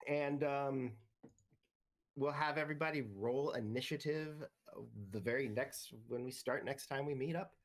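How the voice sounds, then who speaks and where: Man, game master, tabletop game narration, relaxed, halting with fillers. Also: mid-range voice. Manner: relaxed, many ums and uhs.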